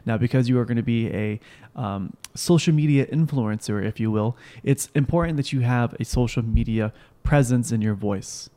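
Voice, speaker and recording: A man's voice: mid-range voice, normal speed, few pauses, dark tone. Rambling young male podcast host. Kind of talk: casual chat.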